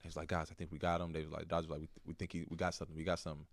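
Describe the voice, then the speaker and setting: A young man from Texas with a Texan accent and a strikingly deep, low voice. He tells a painful personal story softly and haltingly, with lots of "bro" and "like". The sound is dry and close. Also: little pitch movement, no room sound. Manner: soft-spoken, halting, slangy with "bro" and "like". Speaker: podcast guest, basketball player.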